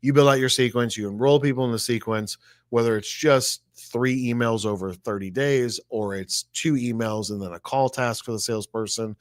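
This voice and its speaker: A male co-host thinks aloud in a chatty, casual tech discussion, often capping his points with a rhetorical "right?". His medium-pitched voice moves at a moderate pace, with a dry, clean studio sound.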